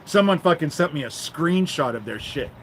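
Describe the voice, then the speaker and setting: A man's voice: on the high side, animated, normal speed, slight background noise. A man ranting on his live stream outdoors by his garden, angry, profane and rambling, shifting into a frustrated prayer. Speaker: livestreamer.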